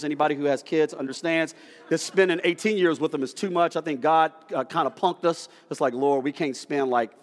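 A man, preaching a sermon in a church and acting out the dialogue of his story. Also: a little high. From United States. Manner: storytelling, animated, acts out dialogue. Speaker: pastor. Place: church sanctuary. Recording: long hall reverb.

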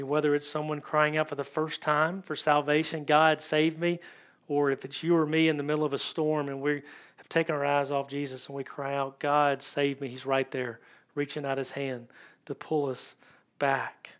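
A man preaching a conversational sermon in church, searching for his words with frequent ums and pauses. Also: a little high, little pitch movement, fairly bright tone. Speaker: pastor.

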